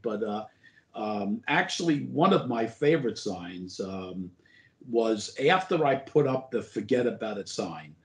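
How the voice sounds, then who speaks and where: An older man, once a borough president, spins long anecdotes, stumbling over his words and filling gaps with "uh". His voice sits at an ordinary pitch. The room around him adds a noticeable echo. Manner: rambling anecdotes full of "uh" and restarts. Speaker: former borough president, guest. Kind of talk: casual interview storytelling. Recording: roomy echo.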